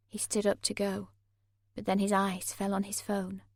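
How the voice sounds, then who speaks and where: A woman's voice: medium pitch, monotone, moderate pace, dry recording, studio quality. Woman narrating a tense thriller audiobook. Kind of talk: first-person thriller narration.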